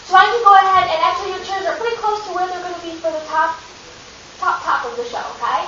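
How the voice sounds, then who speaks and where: A woman's voice: very high-pitched, quick pace, bright, forceful tone. Woman running a kids play rehearsal, upbeat, encouraging, dull hissy recording from far off. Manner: upbeat, encouraging, gives step-by-step instructions. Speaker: drama workshop teacher. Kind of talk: directing a children's rehearsal. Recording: distant, echoey, dull lo-fi recording with hiss.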